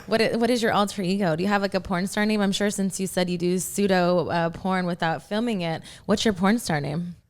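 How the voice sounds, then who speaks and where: A woman hosting a casual interview, talking in a soft, breathy, sultry way. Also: mid-range voice, fairly quick, hardly any pauses. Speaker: host. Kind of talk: casual flirty interview chat.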